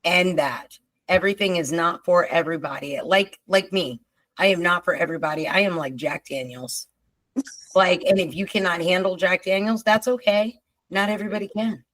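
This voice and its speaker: A woman hosting a podcast in casual chat, talking in an emphatic, expressive way with drawn-out asides. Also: lowish voice, low-quality recording. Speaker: podcast host.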